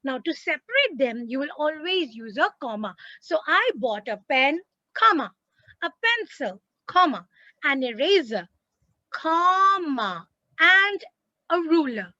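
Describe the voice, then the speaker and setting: A woman teacher with an Indian English accent, giving an online lesson in a lively, emphatic way and repeating words for stress. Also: sits high, a little slow, no room sound, dull audio.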